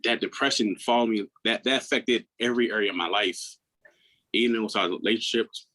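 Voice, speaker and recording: A man in his thirties, a podcast guest, telling his own story in a candid, earnest way, often restarting his words and acting out what others said in a higher voice. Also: steady tone, fairly quick, pushed and bright, low-quality recording. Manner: acts out quoted people in a raised voice.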